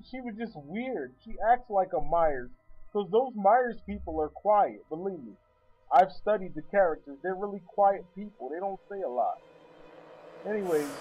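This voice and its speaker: High-voiced man rambling a sarcastic movie review. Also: dark tone, lo-fi sound. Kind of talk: casual spoken movie review. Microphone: sitting back from the microphone.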